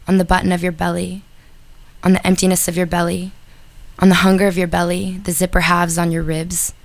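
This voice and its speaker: A woman, a guest poet on a radio show, reading her poem in a measured, deliberate way. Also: fairly low pitch, gravelly, no room sound. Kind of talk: poetry reading.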